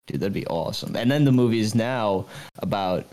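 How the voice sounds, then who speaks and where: A man's voice: animated, a little fast, a little mellow. A young man in a casual chat among friends, riffing on silly ideas. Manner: jokey, goes high for impressions.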